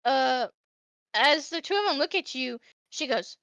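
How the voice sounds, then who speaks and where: Woman, game master, bright voice, hesitant narration, dry close sound. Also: sits high, expressive, measured pace, no room sound, highs cut off. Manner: hesitant, filler-heavy narration.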